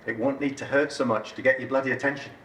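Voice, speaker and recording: A man's voice: mid-range voice, steady tone, fast talker, heavy background noise. A man speaking at a wellbeing event, emphatic and joking as he explains his ideas. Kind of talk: talk on wellbeing. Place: event hall. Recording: roomy hall audio from a distance.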